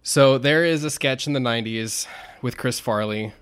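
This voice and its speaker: A young man chatting on a podcast, animated as he retells a scene and acts out the quoted lines, sometimes jumping into shouts. His pitch sits in a middle range for a man, and his talk stays loose and conversational. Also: normal speed, clean tone. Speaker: podcast co-host. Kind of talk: casual podcast chat.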